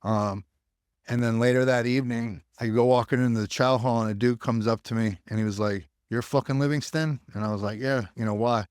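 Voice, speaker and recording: A man's voice: mid-range voice, little pitch movement, brisk, darkish tone, clear, resonant tone, dry recording, studio quality. A man, a veteran guest telling his story candidly and bluntly, with plenty of swearing. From United States. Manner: blunt, profane, acts out quoted voices. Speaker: podcast guest, army veteran.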